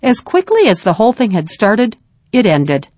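A woman reading a story aloud in a calm, measured narration. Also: medium pitch, no room sound, studio quality.

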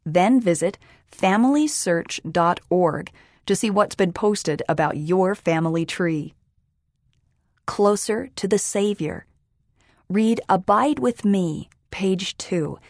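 A woman reading a children's magazine aloud in a calm, even scripted style. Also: lowish voice, no echo, clean studio sound. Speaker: magazine reader.

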